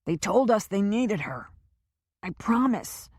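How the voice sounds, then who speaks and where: A man's voice: high-pitched, sing-song, slow, a little mellow, slightly rough, no room sound, clean studio sound, pitched above the performer's own voice, full character voice. A woman voicing a beaten, frightened male captive who gasps and cries out in pain, in an audiobook. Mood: fearful. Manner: crying out in pain, gasping.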